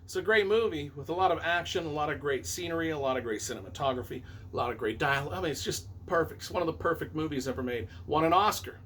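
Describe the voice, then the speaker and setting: A man's voice: fairly high pitch, animated, quick pace, few pauses, a bit bright, slight background noise. A middle-aged man, a novelist and movie reviewer, rambling enthusiastically and correcting himself as he counts down his favorite films on camera.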